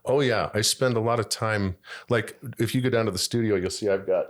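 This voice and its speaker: An older man with a very deep voice, talking in a loose, joking way as he rambles through his stories. He is a podcast guest at a studio microphone. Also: a little fast. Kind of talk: casual chat.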